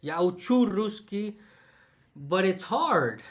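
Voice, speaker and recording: Young Mexican man, Mexican Spanish accent, high bright voice, emphatic mock-exasperated vlog host. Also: big pitch swings, takes it slowly. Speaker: vlogger. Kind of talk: casual chat.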